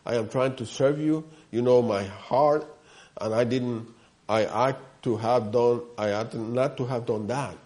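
A man's voice: medium pitch, a little slow, darkish tone. Earnest man preaching a sermon. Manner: earnest storytelling with many repeats and asides to the listeners.

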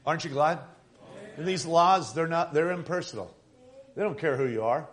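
A man preaching a sermon, speaking haltingly with many fillers and restarts. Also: fairly high pitch, fairly bright tone. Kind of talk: sermon with a read-aloud story.

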